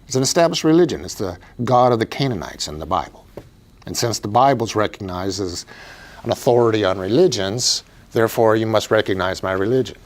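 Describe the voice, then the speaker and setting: A man's voice: on the low side, lively intonation, a little fast, natural voice. A man voicing an insistent, self-righteous male zealot who pleads stubbornly in a comic skit.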